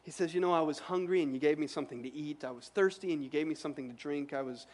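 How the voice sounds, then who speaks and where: High-voiced earnest male preacher. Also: fast talker. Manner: earnest, emphatic preaching with repetitions. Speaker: pastor. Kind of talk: sermon.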